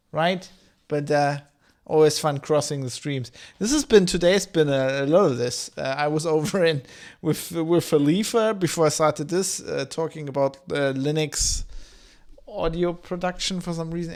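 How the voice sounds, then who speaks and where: A man in his thirties from Germany with a mixed, slightly German English accent, chatting loosely while streaming a game and reading chat aloud, with a slight rasp. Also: on the high side. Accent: German-tinged mixed English. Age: 30s. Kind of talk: casual game commentary.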